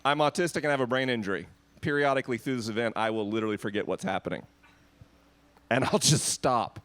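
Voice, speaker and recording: A man's voice: medium pitch, fast talker, a bit bright, clear, resonant tone. A man hosting a live podcast Q&A on an outdoor festival stage, joking and self-deprecating with the crowd. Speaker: podcast host.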